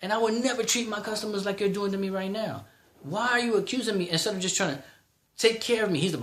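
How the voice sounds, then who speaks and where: A man's voice: sits high, fast talker, fairly bright tone, reverberant. A man in his thirties ranting in a vlog, heated and exasperated, repeating himself. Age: 30s. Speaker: vlogger.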